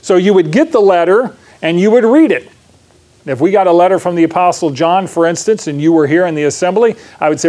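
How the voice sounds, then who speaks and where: Guy preaching in church, kinda high voice, keeps asking the crowd stuff and saying "right?". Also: fast talker, dark tone. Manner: conversational teaching, frequent "right?" and questions to the audience. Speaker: pastor. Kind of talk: sermon.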